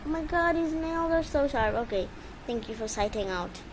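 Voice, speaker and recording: A woman's voice: sits high, lively intonation, normal speed, noisy background. A woman filming her pet bird at home on a handheld phone, cooing at it and scolding it in baby talk. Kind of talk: casual phone vlog talking to a pet. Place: indoors at home with a fan on.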